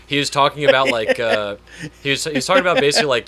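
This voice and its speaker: A man's voice: on the high side, wildly swooping pitch, racing, gravelly, sharp tone. A man chatting casually on a podcast, rambling with lots of repeats and fillers. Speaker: podcast guest. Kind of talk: casual chat.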